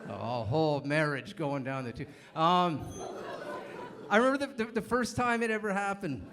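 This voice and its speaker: A man in his late thirties performs a stand-up comedy set. He tells rambling, self-interrupting stories in a high voice that swoops up and down with a lot of animation. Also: animated, normal speed, a crowd in the background.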